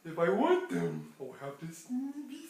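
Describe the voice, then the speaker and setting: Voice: mid-range voice, big pitch swings, measured pace, gravelly, darkish tone. A storyteller voicing a greedy male rabbit who craves bananas, in an eager, whiny way, with laughter breaking in. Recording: echoey room, distant mic, faint noise.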